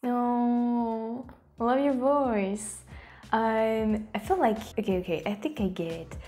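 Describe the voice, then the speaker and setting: Mellow-voiced French woman, hesitant. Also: on the high side, slow. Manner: hesitant, many fillers and restarts. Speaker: YouTube host. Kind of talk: casual commentary.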